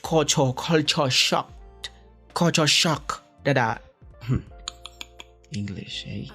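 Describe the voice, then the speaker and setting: Chatty man hosting a podcast. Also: mid-range voice. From West Africa. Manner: rambling, self-correcting, joking, exclaims in quoted reactions. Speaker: podcast host. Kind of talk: casual solo podcast monologue.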